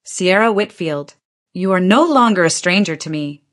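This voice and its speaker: Woman reading calm, dignified older woman in her seventies, steady firm delivery. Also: fairly low pitch, normal speed. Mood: solemn.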